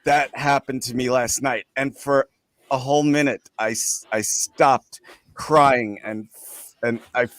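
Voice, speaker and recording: A man from the United States telling an emotional personal story on a tribute stream, earnest and halting. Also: mid-range voice, steady tone, a bit bright, no echo.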